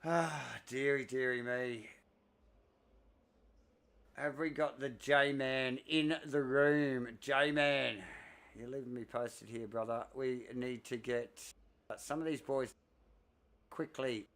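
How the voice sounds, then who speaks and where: Breathless excitable race commentator, man. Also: mid-range voice, takes it slowly, pauses often. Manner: excitable, breathless, rambling with fillers. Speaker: sim racing commentator.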